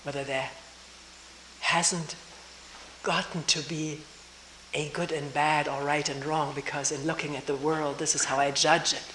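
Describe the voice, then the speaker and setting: Older woman, retreat teacher, unhurried and reflective, roomy old recording with faint hiss. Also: deep voice, level tone. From Germany. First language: German. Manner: slow, thoughtful, pausing, soft laughs.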